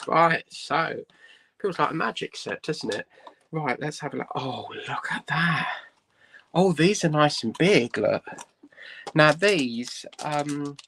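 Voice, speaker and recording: A man hosts a relaxed unboxing vlog, talking unhurriedly in a gravelly voice. He thinks aloud as he goes, with plenty of "right" and "um". The home recording is noisy, with clicks behind him. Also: fairly high pitch, slow pace. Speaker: host.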